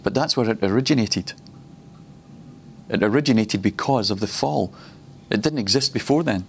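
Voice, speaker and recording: A man's voice: on the low side, normal speed, slight background noise. A man preaching at a ministry school, personal and reflective, often laughing between points.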